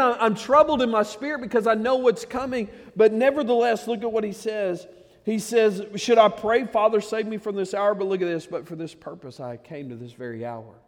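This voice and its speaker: A pastor preaching a sermon, fervent and emphatic, addressing the congregation directly. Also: male voice, sits high. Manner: fervent, emphatic preaching with many "man" interjections. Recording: long hall reverb.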